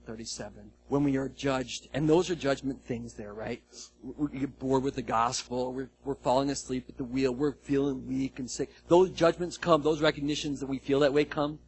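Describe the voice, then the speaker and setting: A man preaching a sermon as pastor, telling a story with lively acted-out dialogue. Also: mid-range voice, slight background noise, rough recording. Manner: animated storytelling, acts out quoted dialogue.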